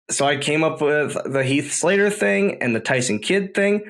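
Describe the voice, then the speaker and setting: A man's voice: fairly high pitch, animated, moderate pace, few pauses, fairly bright tone. Man, podcast storyteller, enthusiastic, rambling, repeats phrases. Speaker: podcast host, former wrestler.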